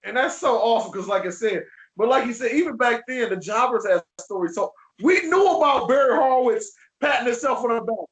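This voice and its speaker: High-voiced, enthusiastic man in his forties. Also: animated, brisk, a bit bright. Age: 40s. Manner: enthusiastic, fan-like, repeats "you know what I'm saying". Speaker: podcast host. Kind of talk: casual chat. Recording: roomy, echoey room sound.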